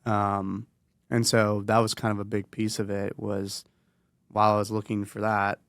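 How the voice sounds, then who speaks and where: Male guest, low monotone delivery, dry room, easygoing. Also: normal speed, dry recording. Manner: relaxed, hedging with fillers. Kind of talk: casual interview.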